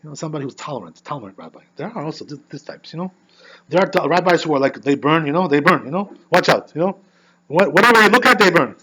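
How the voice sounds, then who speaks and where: A man who is a rabbi teaching an informal Torah class, animated and constantly checking in with "you know" and "right?". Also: on the high side, quick pace, breathy edge.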